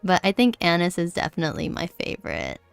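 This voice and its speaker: A woman's voice: lowish voice, wildly swooping pitch, quick pace, gravelly, clear, resonant tone, no room sound, faint music behind. A woman streamer chatting casually during a game, giggly and apologetic, talking close to her mic. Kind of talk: casual gaming livestream chat. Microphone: close desk mic.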